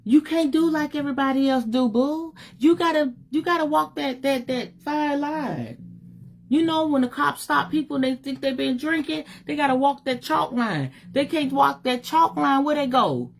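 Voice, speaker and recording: A woman's voice: sits high, moderate pace, creaky. Emphatic preachy woman spiritual teacher. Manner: emphatic, preachy, slangy and direct. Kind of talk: livestream motivational talk.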